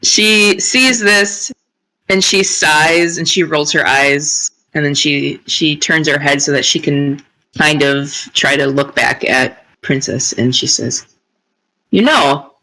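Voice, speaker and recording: Slow bright-voiced player, giggles a lot, tabletop game. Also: mid-range voice, steady tone, poor audio. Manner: slow, giggly narration of a character. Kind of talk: casual tabletop role-play.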